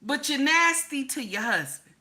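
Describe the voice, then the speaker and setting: Forceful, emphatic woman giving relationship advice. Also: high-pitched, animated, moderate pace. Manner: emphatic, repeats lines, profane. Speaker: relationship commentator.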